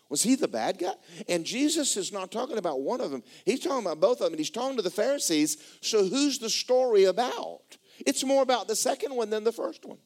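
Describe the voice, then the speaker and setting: A male pastor preaching with a lively, swinging delivery, his voice sitting a bit higher than most men's. He reads a passage, then stops to comment on it and often restarts his words mid-thought. The whole thing has the loose rhythm of a sermon delivered from the pulpit. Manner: animated preaching with repeated stumbling restarts; reads scripture aloud and breaks in to comment.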